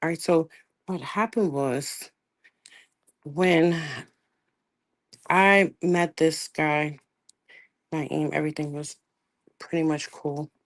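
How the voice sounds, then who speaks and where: A woman hosting a livestream in a casual rant, profane and emphatic, dropping to low mutters and rising to loud outbursts. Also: fairly even intonation, slow pace, long pauses, no room sound. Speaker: livestream host.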